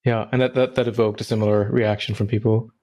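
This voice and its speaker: Low-voiced man, reflective host. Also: level tone, dark tone. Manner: thoughtful, halting, repeats words while searching for phrasing. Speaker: podcast host. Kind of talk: reflective interview talk.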